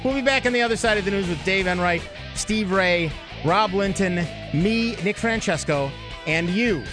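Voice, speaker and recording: High-voiced joking radio host, man. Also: moderate pace, over music. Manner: joking, chatty. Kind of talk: casual radio banter.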